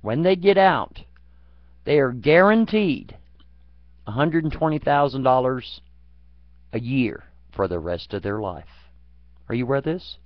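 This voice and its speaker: A man's voice: medium pitch, animated, measured pace, long pauses, dry recording. A man in a profane, angry political rant, swearing constantly and talking crudely. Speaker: vlogger. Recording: dull lo-fi dry recording.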